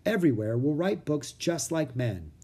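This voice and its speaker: A man voicing a shy young woman poet in a children's storybook reading, soft and gentle. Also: a little high, very animated, normal speed, husky, voice pushed up.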